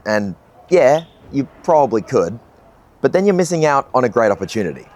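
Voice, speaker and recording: A man's voice: medium pitch, very animated, a little fast, darkish tone. A young man talking earnestly and casually to the camera, reflecting in a vlog monologue. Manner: earnest, conversational, casual swearing. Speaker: video essayist.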